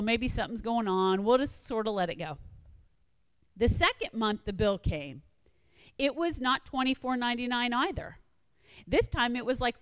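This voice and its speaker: Woman, storytelling sermon, emphatic repeats, a bit high, dry close sound, long reverb tail. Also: clear, resonant tone. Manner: animated retelling with quoted asides, emphatic repetition. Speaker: speaker telling a personal story in a devotional talk.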